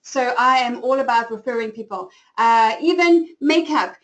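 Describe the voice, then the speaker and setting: South african lady in her 40s running a webinar, high voice, gushy and personal. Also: animated, normal speed, poor audio. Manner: effusive, open personal storytelling. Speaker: webinar host and company founder. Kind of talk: live webinar talk.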